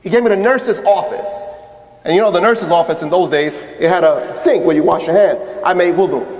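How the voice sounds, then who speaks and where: A man, an imam, telling his story in a lively religious lecture and acting out the voices of people he quotes. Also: high-pitched, fairly quick. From United States. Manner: animated, acts out quoted voices. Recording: echoey hall with long reverb.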